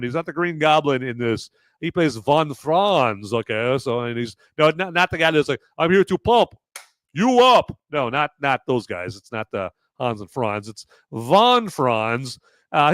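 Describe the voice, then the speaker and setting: Smooth-voiced rambling podcast host, man. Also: mid-range voice, no room sound, clean studio sound. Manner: rambling and digressive, animated. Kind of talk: casual movie review.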